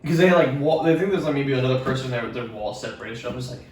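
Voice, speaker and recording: A man's voice: mid-range voice, very fast, a little hiss or hum. A young man telling rambling, profane stories in a casual podcast chat. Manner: rambling, profane, animated retelling. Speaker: podcast co-host. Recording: echoey room from far off.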